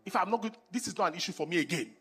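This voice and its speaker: A man preaching a sermon with sung worship, impassioned, swinging between hushed and loud lines. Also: high-pitched, expressive, very fast. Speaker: pastor.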